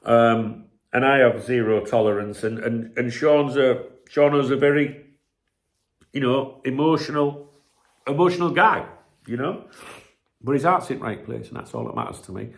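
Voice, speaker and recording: Host, male, casual stream chat: rambling, blunt, foul-mouthed, gravelly edge. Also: medium pitch, moderate pace. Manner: rambling, blunt, swears freely. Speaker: channel host.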